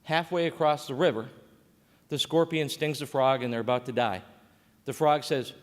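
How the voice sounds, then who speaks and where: A man's voice: medium pitch, fairly even intonation, moderate pace. Man speaking in a reverberant conference hall. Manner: conversational with frequent fillers and restarts. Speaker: state coordinator on a panel. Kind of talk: conference panel talk.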